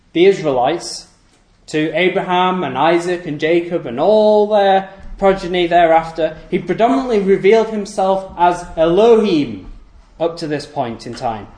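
A man's voice: high voice, a little mellow. A man preaching a sermon to a congregation, asking rhetorical questions and repeating key phrases for emphasis. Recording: echoey room.

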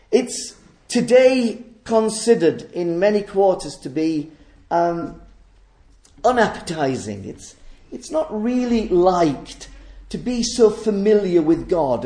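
A man's voice: high-pitched, dark tone, reverberant. A man preaching a sermon, emphatic and full of rhetorical questions.

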